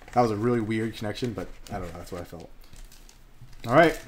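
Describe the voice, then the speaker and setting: Speaking at a moderate pace with frequent pauses, this man has a medium-pitched voice and some slight noise behind him. He opens packs on a relaxed card break stream, chatting and kidding around with lots of laughs, animated throughout.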